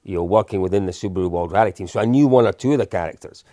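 A man in his fifties, a guest in an interview, telling anecdotes in a relaxed, self-deprecating way. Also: low-pitched, rapid-fire, dry recording, clean studio sound. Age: 50s. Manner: anecdotal, self-deprecating, with frequent restarts and chuckles. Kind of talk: casual storytelling in an interview.

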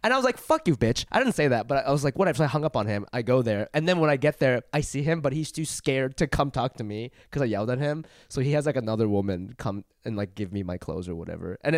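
Fast, lively man telling a story. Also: mid-range voice, dry recording, clean studio sound. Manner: animated, swears freely, acts out both sides of conversations. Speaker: podcast co-host. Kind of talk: casual chat, storytelling.

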